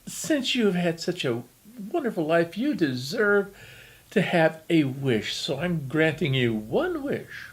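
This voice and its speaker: A man voicing a scheming male devil who puts on a high, sugary fairy godmother voice in a told story. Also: big pitch swings, slow pace. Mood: coaxing. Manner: sugary, high put-on sweetness.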